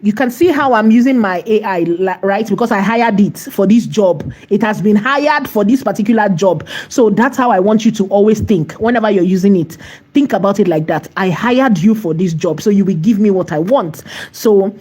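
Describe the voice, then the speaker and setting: A woman's voice: medium pitch, lively intonation, a little mellow, breathy edge. Chatty woman teaching, repeats herself. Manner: chatty and emphatic, repeats phrases, asks "right?"; slows to dictate while typing. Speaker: AI tutorial host. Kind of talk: live screen-share tutorial.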